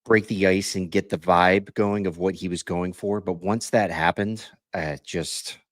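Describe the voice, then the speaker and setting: Low-voiced man, relaxed chatty co-host. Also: a little slow, no echo, studio quality. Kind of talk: casual chat on a live stream.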